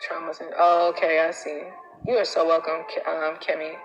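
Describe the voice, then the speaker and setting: A woman coach hosting a casual live stream, animated and emphatic, with a preachy manner full of slang asides. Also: low voice, moderate pace, soft background music, poor audio.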